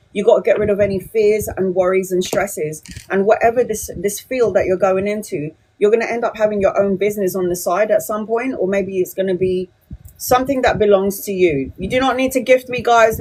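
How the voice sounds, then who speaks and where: A woman's voice: mid-range voice, a little mellow, a little hiss or hum, poor audio. A woman in her forties giving reassuring, chatty tarot readings to viewers on a live stream. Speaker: tarot reader. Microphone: phone or webcam on a live stream.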